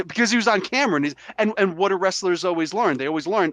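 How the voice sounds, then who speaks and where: A man hosting a podcast while sick with a cold, arguing his side in a casual, animated way and acting out quotes. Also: sits high, rapid-fire, dry recording. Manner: animated, argumentative, acts out quotes. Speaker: podcast host. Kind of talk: casual debate chat.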